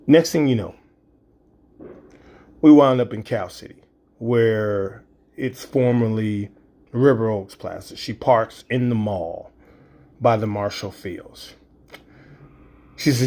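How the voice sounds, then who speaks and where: Guy in his 50s doing a spoken-word story, acts out the sounds, normal pitch voice. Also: normal speed, a little mellow. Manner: vivid, with sound effects and quoted dialogue. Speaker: storyteller and poet.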